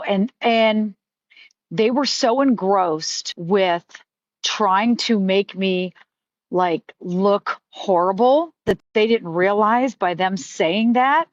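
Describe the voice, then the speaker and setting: A middle-aged woman hosts a casual live stream, chatting candidly and rambling, with lots of swearing and restarts. Her voice is mid-range, and the recording is lo-fi with no echo.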